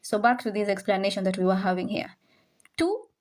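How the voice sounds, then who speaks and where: A woman's voice: mid-range voice, steady tone, fast. A woman teaching a live online French class, patiently repeating each word to drill its pronunciation and mixing in English and some Swahili.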